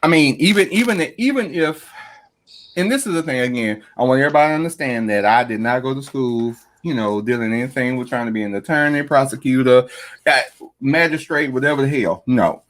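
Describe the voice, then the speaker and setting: A man hosting a casual podcast chat, animated, swearing and laughing often. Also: mid-range voice, a little fast. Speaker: podcast host.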